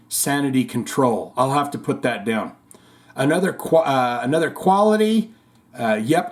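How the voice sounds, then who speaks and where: A man hosting a casual talk show about heavy metal, reading viewer comments aloud in a lively, jokey way with casual swearing. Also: medium pitch. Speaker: host.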